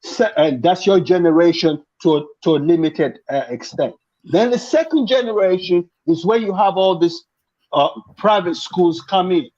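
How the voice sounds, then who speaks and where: A man on a video call, his voice sitting a little high for a man and coming through dull and muffled. He explains things at length, restarting his sentences and filling gaps with "uh". The talk is casual and opinionated. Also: expressive, moderate pace, darkish tone. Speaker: panel guest. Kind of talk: casual panel chat.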